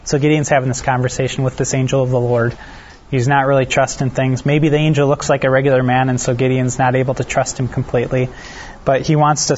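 A man leading a casual Bible study, reading scripture aloud and then explaining it in a relaxed, self-deprecating way while asking the group questions. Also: mid-range voice, a little hiss or hum. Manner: asks the listeners questions. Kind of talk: conversational Bible teaching. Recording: dull lo-fi recording.

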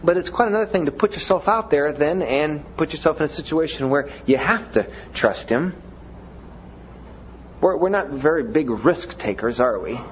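A man's voice: a little high, expressive, moderate pace, a little hiss or hum. Preacher man with a dull lo-fi sound. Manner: conversational, stammering restarts, self-deprecating humor. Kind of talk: sermon.

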